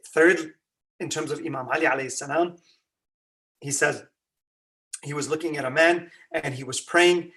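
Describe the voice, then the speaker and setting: Animated lecturing man, slightly distant. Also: on the high side. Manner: animated, conversational teaching with rhetorical questions. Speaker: religious lecturer. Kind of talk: Ramadan lecture.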